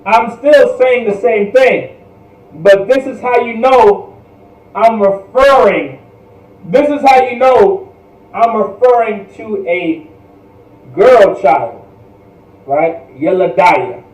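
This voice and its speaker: Slow, repetitive man teaching a lesson. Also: sits high, expressive, a little mellow, reverberant, distant mic, low-quality recording. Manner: patient, repeats words slowly, says "all right?" often. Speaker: language class teacher. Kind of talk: online language lesson.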